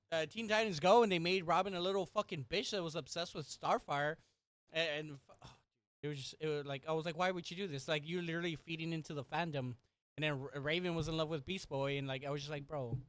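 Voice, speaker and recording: A woman co-hosting a casual podcast chat, ranting heatedly and swearing often, with loud exasperated outbursts. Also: on the low side, no echo. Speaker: podcast co-host.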